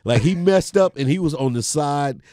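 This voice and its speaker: A man's voice: fairly high pitch, normal speed, mellow, no echo, studio quality. A man chatting casually as a guest in an interview, telling stories in a laid-back way and laughing often. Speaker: guest entertainer.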